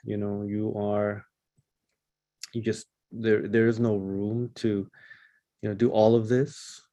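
A man leading a casual Bible study discussion, talking in a halting way with many fillers and restarts. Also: lowish voice, little pitch movement, warm tone, no room sound.

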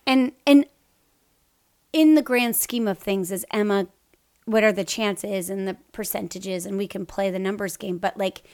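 A woman's voice: medium pitch, unhurried, darkish tone. A middle-aged woman co-hosting a podcast, telling an emotional personal story with many restarts. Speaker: podcast co-host. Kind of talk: casual chat, personal story.

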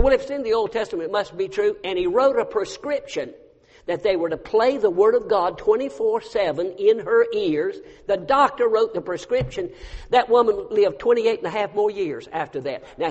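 A man preaches a storytelling sermon. He drops to a hush, then rises to a loud cry. His voice rings with the long reverb of a big church hall. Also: sits high, muffled recording. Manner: storytelling, swinging from hushed to loud. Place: church sanctuary.

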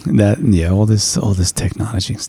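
Brief: low, gravelly male co-host, dark tone, dry close sound, loose and profane, quick to laugh. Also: steady tone, no room sound. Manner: laughs often, swears freely, rambling. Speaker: podcast co-host. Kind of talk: casual chat.

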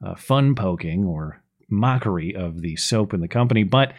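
A man's voice: low-pitched, expressive, normal speed, breathy edge. A man hosting a podcast, reading a sponsor spot in a chatty, self-deprecating way. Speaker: podcast host. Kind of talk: casual podcast talk with ad read.

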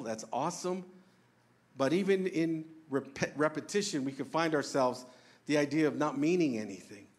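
A pastor preaching an earnest, conversational sermon, asking the congregation questions and joking about himself. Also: male voice, a little high. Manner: self-deprecating humor.

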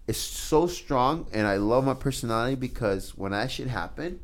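A man's voice: medium pitch, animated, normal speed. A man telling a personal story in casual chat, intense and emphatic, swearing often. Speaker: podcast guest.

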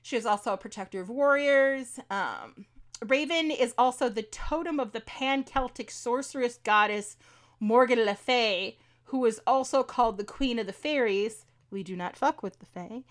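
A woman's voice: a little high, normal speed. A woman co-hosting a podcast in casual chat, reading folklore notes with many ums and laughing at her own mispronunciations. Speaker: podcast co-host.

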